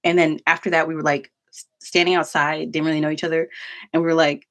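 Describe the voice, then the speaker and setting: A young woman casually telling a personal story to camera, chatty and full of "like" fillers and quick asides. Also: sits low, fairly even intonation, a bit bright. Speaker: vlogger.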